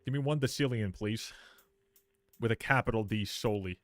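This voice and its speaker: Young male game streamer, lowish voice, loose and profane, faint music underneath. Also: normal speed. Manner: swears freely, reacts loudly, reads patch notes aloud. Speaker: livestreamer. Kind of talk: casual live game stream.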